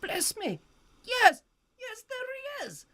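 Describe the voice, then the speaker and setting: Old storybook miser, stirred and exclaiming, a woman reading him, lively swings. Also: very high voice, slow pace, pitched above the performer's own voice, exaggerated voice. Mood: excited. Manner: emotional, exclaiming. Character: elderly miser, old man, moved and nostalgic.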